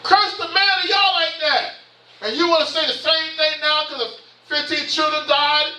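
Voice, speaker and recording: Fervent Southern preacher in his fifties, very high, bright voice, echoey sanctuary. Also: fairly even intonation, moderate pace. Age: 50s. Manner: impassioned, repetitive preaching with rhetorical questions. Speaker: bishop. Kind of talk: sermon. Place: church sanctuary. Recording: echoey church from far off.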